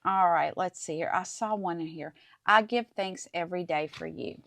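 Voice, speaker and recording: A woman's voice: on the low side, normal speed, creaky, fairly bright tone, dry recording. A middle-aged woman hosting a casual craft tutorial, chatting to viewers as she works through each step. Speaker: crafting channel host.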